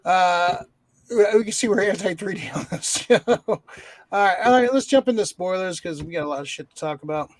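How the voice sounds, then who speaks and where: A podcast co-host reviews a movie in rambling, casual chat loaded with fillers and constant swearing. His voice is high-pitched and a little fast, with no room sound.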